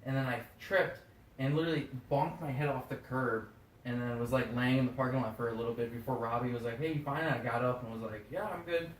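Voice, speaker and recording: A man's voice: medium pitch, fast talker. A young man co-hosting a podcast, talking candidly and casually, swearing now and then. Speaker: podcast co-host. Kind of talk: casual chat. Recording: echoey room, far from mic, faint noise.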